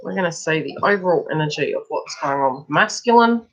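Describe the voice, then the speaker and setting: A woman's voice: low-pitched, animated, a little fast, poor audio. A woman giving a casual, chatty live tarot reading. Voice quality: chatty, breaks off to talk to people nearby. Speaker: psychic tarot reader.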